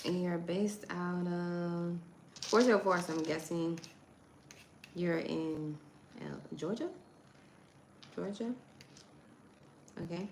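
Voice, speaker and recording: Chatty woman with gravelly voice. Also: lowish voice, fairly even intonation, slow pace, long pauses, a little mellow, roomy sound, slight background noise, rough recording. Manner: chatty, talks to chat, reads text aloud. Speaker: livestream host. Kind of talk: casual livestream chat.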